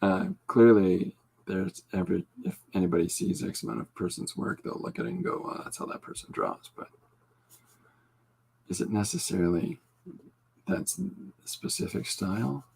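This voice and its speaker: Man, podcast host, gravelly, husky, casual rambling chat, dry humor. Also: on the low side, sing-song, normal speed, darkish tone. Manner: rambling, dry self-deprecating humor, many fillers. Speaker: podcast host and comic artist.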